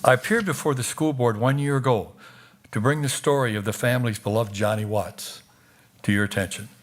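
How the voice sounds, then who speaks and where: A man's voice: mid-range voice, a little fast. A man from Wisconsin reading a prepared, formal statement during public comment at a school board meeting. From Wisconsin, USA.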